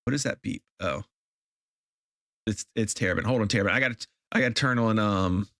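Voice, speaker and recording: Bright-voiced ranting male streamer. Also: on the low side, fairly quick, no room sound, clean studio sound. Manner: ranting, exasperated, repeats himself. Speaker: game streamer. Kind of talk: casual live-stream chat.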